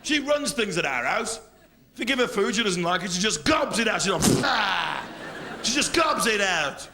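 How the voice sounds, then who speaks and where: Animated English comedian doing stand-up. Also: male voice, fairly quick, a crowd in the background, background noise. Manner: animated, swings between loud bursts and low mutters. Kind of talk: live stand-up routine.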